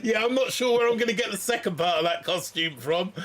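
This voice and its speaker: A man's voice: high-pitched, fast, fairly bright tone. A man co-hosting a live stream, telling a story in casual chat and chuckling often. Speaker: stream co-host.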